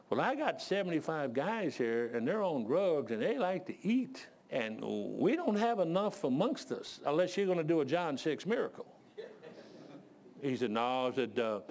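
Male preacher, sermon, lively swooping pitch, slightly high voice, out of breath at times. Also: normal speed. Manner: animated storytelling, shouts voices of others.

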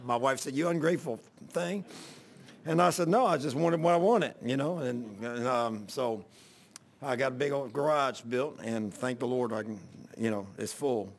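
An older man pastor giving an informal sermon, telling folksy stories with loud exclamations and chuckles. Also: mid-range voice, normal speed.

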